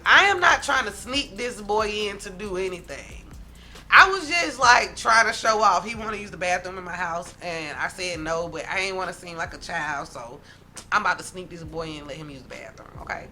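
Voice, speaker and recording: A woman spins a dramatic storytime for her viewers, loose and chatty and always calling on "y'all". Her voice is very bright and forceful, with faint music playing behind her. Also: mid-range voice. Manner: animated, dramatic, talks straight to viewers as "y'all". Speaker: vlogger, storyteller. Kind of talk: casual storytime to camera.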